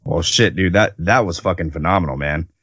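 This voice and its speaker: A man's voice: sits low, brisk, a bit bright, slightly rough, dry recording, highs cut off. A man hosting a podcast who chats casually, swears a lot and praises his guest with enthusiasm. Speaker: podcast host. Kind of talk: casual interview chat.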